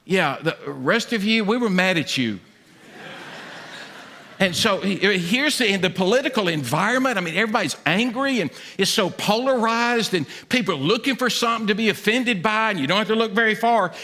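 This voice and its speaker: A man's voice: sits high, animated, fairly quick, bright, forceful tone. A man pastor preaching a conversational sermon from a church stage, acting out the voices he quotes. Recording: long reverb of a large hall.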